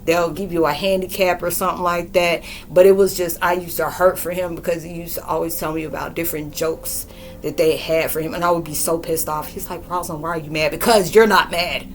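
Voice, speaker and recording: A woman in her forties giving a rambling, slangy spiritual monologue and acting out quoted dialogue in a lively way. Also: on the low side, a little fast, faint music behind. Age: 40s. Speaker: spiritual podcaster and reader.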